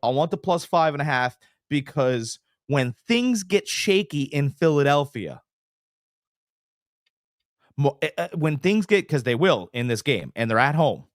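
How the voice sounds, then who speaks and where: A man co-hosting a sports betting podcast, talking casually with big exaggerations and quick impressions. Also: on the high side, no echo, studio quality. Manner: animated, hyperbolic, jumps into little impressions. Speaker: podcast co-host.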